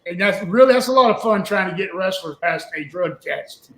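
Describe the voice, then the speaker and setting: In this interview clip, a former wrestling booker, now an older man, spins a meandering, folksy tale punctuated by chuckles. He speaks fairly quickly in a high, expressive voice with a fairly bright tone, recorded in an echoey room.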